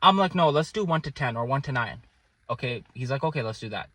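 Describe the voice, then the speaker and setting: A young man shares a personal story with his viewers, casual and animated, often checking in with "okay?" as his loudness rises and falls. He speaks quickly in a mid-range voice.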